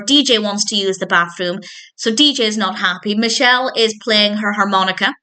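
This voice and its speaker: A woman's voice: a little high, bright, forceful tone. A woman reviewing a TV episode in a casual, enthusiastic way, laughing often and getting emotional. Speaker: film and TV reviewer.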